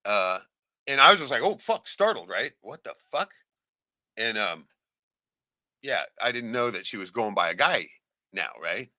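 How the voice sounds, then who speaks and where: Profane, animated man telling a story. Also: fairly low pitch, normal speed, long pauses, dry recording. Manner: profane, animated, keeps asking "right?"; acts out quoted voices, shouting them. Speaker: podcast host. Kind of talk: casual storytelling chat.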